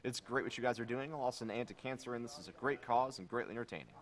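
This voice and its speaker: A man's voice: mid-range voice, rapid-fire. A man hosting a charity live stream, reading donation comments aloud in a casual, jokey way.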